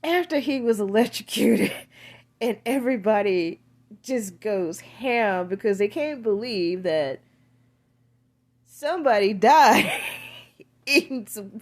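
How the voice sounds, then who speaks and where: A woman tells a film's plot in loose, casual chat. She rambles from point to point, drops crude slang and leans on filler words throughout. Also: medium pitch. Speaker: film reviewer. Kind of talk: casual film recap.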